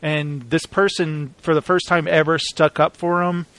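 Animated man chatting, dry close sound. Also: fairly high pitch, normal speed, no room sound. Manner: rambling, animated, acts out quoted lines. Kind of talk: casual chat about TV shows.

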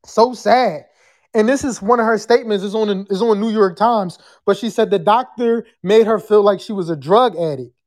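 A podcast host chatting live with callers and the chat, loud and profane, sometimes breaking into screams. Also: mid-range voice, moderate pace.

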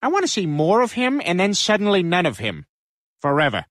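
A sneering street thug. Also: male voice, high voice, huge pitch swings, fairly quick, a bit bright, dry recording, clean studio sound, full character voice. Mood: menacing.

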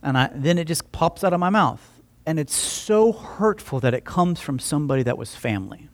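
A man with a slightly high, expressive voice preaches at a moderate pace. His sermon is conversational: he tells a story, plays both parties in the dialogue, and often starts over with repeated words.

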